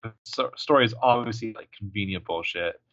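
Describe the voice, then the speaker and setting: A man co-hosting a recap podcast in a casual chat, animated and swearing as he retells scenes. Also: on the low side, brisk, dry recording, muffled recording. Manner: animated, swearing, jumping into voices for quoted lines. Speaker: podcast co-host recapping a TV episode.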